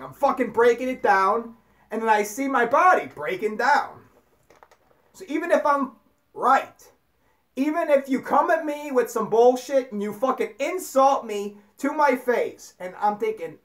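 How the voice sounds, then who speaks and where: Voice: medium pitch, very animated, measured pace, fairly bright tone. Ranting, foul-mouthed spiritual speaker. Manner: emphatic, ranting, heavy swearing. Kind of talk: profane spiritual monologue.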